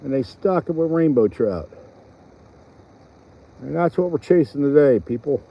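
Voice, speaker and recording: A man's voice: fairly high pitch, lively intonation, unhurried, creaky, highs cut off. A man chatting casually on a fishing vlog by a pond, rambling with fillers. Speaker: fishing vlogger. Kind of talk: casual outdoor vlog narration. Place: outdoors by a pond.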